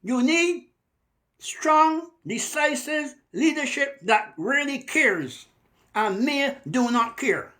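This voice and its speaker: A man from Barbados preaches with fire, his voice pitched high for a man. He hammers each point and slows right down to lean on the words that matter most. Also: animated, pushed and bright. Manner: emphatic, stretches key words slowly. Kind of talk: fiery preaching monologue.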